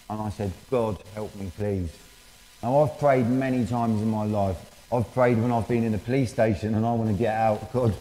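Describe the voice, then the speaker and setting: Mellow man, echoing church. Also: mid-range voice. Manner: candid, halting, many fillers. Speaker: speaker giving a testimony. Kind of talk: personal testimony in church. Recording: reverberant church hall.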